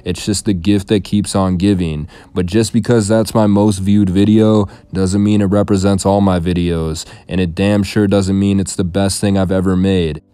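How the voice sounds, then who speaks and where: A man hosting a commentary channel, reading viewer comments aloud and answering them in a dry, deadpan way. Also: low voice, normal speed, hardly any pauses, smooth, no echo. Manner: deadpan, dry monotone delivery. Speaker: YouTube commentary host.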